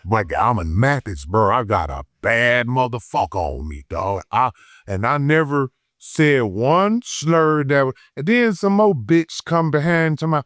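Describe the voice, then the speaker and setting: Man, Detroit accent, profane heated storytelling, higher voice, dry studio sound. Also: expressive, a little slow, dry recording. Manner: profane, heated storytelling, swings between loud and low. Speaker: guest. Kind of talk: unfiltered casual interview. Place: podcast studio.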